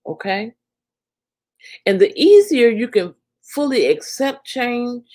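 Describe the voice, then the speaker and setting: Woman spiritual reader hosting a live talk; slow, lively and a little low, checking in with "okay?". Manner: slow, lively delivery, ending phrases with a soft "okay?".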